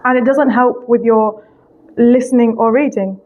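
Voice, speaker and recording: A woman's voice: on the high side, fairly even intonation, darkish tone, a little hiss or hum. A young British woman, an English teacher, answering interview questions frankly and chattily, with a British accent tinged by American. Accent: British, with some American. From England. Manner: frank, chatty, quick-talking, with many "like"s. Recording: muffled lo-fi audio.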